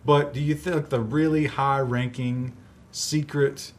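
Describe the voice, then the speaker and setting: A man's voice: mid-range voice, fairly even intonation, slow pace. A man co-hosting a podcast, talking casually and skeptically, often restarting his sentences. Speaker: podcast co-host. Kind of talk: casual chat.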